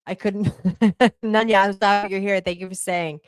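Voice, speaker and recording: A woman's voice: mid-range voice, steady tone, moderate pace, clean tone, no echo. A woman hosting a live stream, chatting casually and apologizing in a frazzled, swearing way. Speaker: livestream host.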